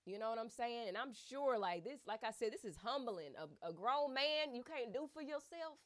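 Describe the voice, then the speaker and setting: A woman's voice: on the high side, normal speed. Chatty woman retelling a story. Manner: chatty and animated, with many fillers. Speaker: commentator. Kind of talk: casual retelling commentary.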